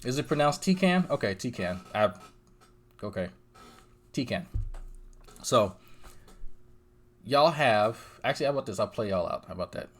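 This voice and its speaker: A man's voice: medium pitch, lively intonation, normal speed, pauses often. A young man hosting a commentary channel, rambling casually and swearing often between chuckles. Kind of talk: casual chat.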